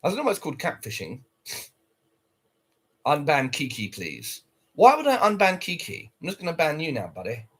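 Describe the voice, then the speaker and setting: A man's voice: on the high side, wildly swooping pitch, quick pace, few pauses, slightly rough. A man casually chatting on a livestream, reacting to viewer comments in a blunt, sweary way. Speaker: livestreamer reading chat.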